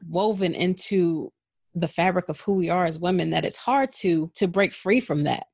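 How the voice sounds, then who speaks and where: Woman podcast host, kinda low husky voice, thoughtful questions, dry sound. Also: moderate pace, a little mellow, no echo. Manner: reflective, affirming. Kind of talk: interview questions.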